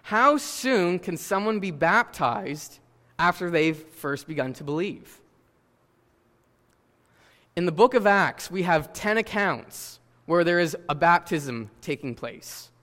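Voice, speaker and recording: Male pastor, high voice, casual preaching, reverb from a large hall. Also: expressive, slow, bright, forceful tone. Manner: conversational preaching with casual fillers and rhetorical questions. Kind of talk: sermon.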